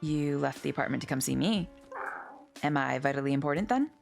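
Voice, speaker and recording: A woman's voice: low-pitched, expressive, brisk, creaky, soft background music, pitched below the performer's own voice. A woman voicing a dim noir cat detective. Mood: dry. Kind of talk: reading a story game aloud.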